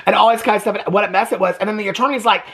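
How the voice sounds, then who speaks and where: A man hosting a reaction video, recapping a documentary in casual, exasperated commentary with quick asides. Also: high-pitched, fairly even intonation, gravelly, a bit bright.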